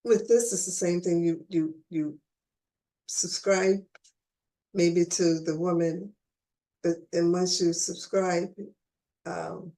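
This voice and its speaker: A woman's voice: lowish voice, fairly even intonation, slow, long pauses, dark tone. A woman hosting a casual conversational interview, chatty and restarting her phrases, with the hiccups. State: has the hiccups.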